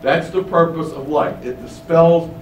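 A man's voice: fairly high pitch, a little slow, a little mellow. A man preaching a sermon, emphatic, with many rhetorical questions, in a windowless room. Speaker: pastor. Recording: roomy, distant mic, faint hum.

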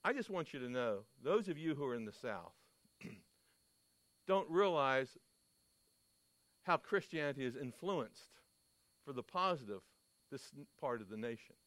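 A man's voice: medium pitch, sing-song, a little slow, long pauses, a bit bright, no echo. A man preaching a sermon, telling stories and asking his listeners questions with emphasis. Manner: emphatic, storytelling, asks the audience questions.

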